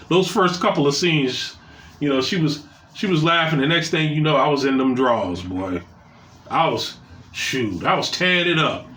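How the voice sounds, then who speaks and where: Guy telling a dirty story time, bright voice, echoey room. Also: slight background noise. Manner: loose, crude storytelling with shifting pitch.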